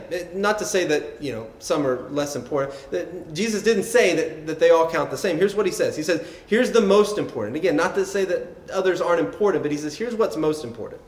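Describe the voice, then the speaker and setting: A man's voice: on the high side, fairly quick, few pauses, echoey room. A man preaching a sermon in a conversational way, often repeating words and checking in with the listeners. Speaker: pastor.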